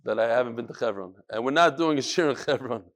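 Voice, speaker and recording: A man's voice: medium pitch, quick pace. A man teaching a Daf Yomi Talmud class in English peppered with Hebrew and Yiddish terms, animatedly acting out the dialogue in the text. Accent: yeshivish English with Hebrew and Yiddish terms. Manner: animated, acts out dialogue in raised voices.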